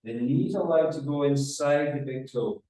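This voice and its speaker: A man leading a guided exercise class as a running rehab coach, giving calm cues and counting down reps. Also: mid-range voice, normal speed. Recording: very echoey room, mic far off.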